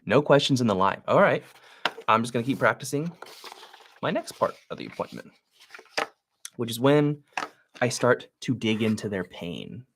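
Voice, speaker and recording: A man's voice: mid-range voice, sing-song, moderate pace, pauses often, background noise. A man who invests in real estate, coaching on a live stream while making cold calls, talking loosely with plenty of filler words. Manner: loose and conversational, many "like" fillers.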